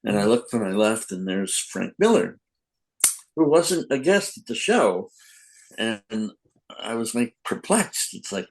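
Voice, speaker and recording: A man's voice: lowish voice, very animated, unhurried, vocal fry, pauses often, rough recording. An older man, a comic book editor, telling rambling anecdotes in a casual podcast interview, acting out quotes.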